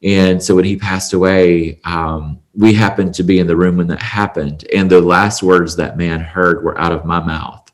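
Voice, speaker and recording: A man's voice: sits low, steady tone, moderate pace, hardly any pauses. A man who owns a salon, a guest on a podcast, telling a heartfelt story in an earnest, chatty way full of fillers. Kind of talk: conversational storytelling.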